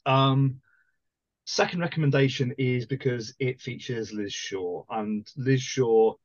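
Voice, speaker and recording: A man co-hosting a podcast, talking through his book pick with many pauses and restarts. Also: mid-range voice, no echo, lo-fi sound. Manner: hesitant, many fillers and restarts. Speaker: podcast co-host. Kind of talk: casual book discussion.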